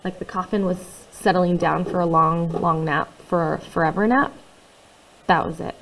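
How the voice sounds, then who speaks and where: A woman narrating a first-person novel in a quiet, confiding way, with conversational asides to the listener. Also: lowish voice, steady tone, moderate pace, rough recording. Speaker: audiobook reader.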